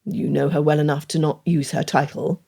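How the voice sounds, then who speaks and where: Earnest formal young gentleman, slightly lowered pitch, a woman reading him. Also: little pitch movement, a little fast, gravelly, husky, exaggerated voice.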